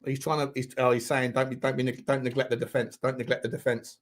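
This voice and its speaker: A man hosting a live football watchalong, excitable, shouting at players and swearing a lot. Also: medium pitch, fast talker.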